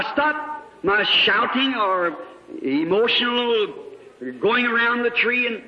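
A man preaching a revival sermon, fervent, swinging between loud shouts and hushed lows. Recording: echoey hall, lo-fi old tape.

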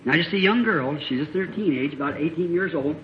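A man preacher telling a story in a folksy, plain-spoken sermon that builds to shouts, on a dull lo-fi old tape. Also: fairly high pitch, brisk, slight background noise.

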